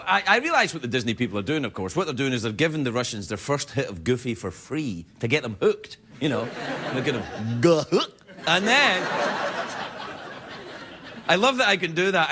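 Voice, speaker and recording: Animated male talk show host, joking. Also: on the high side, background noise. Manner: animated, joking, self-mocking asides. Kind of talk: comedy monologue. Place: TV studio with a live audience. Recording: loud studio audience laughter.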